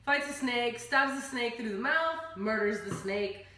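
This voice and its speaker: Tipsy 20-something woman cussing her way through a story, bright voice, super echoey room. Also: a little high, unhurried. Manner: animated, profane storytelling. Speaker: host. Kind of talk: casual retelling of a story. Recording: echoey room with faint noise.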